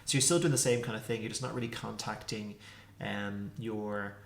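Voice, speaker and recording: A man teaching a casual pronunciation lesson, repeating consonant sounds slowly to demonstrate them. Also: fairly low pitch, steady tone, vocal fry. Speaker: language teacher. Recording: echoey room.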